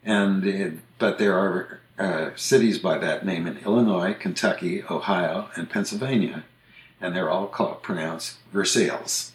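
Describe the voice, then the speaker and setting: Man, podcast host, casual chat, explanatory, very low voice, roomy echo. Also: moderate pace. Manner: relaxed, explanatory, listing examples one by one. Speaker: podcast host discussing language usage.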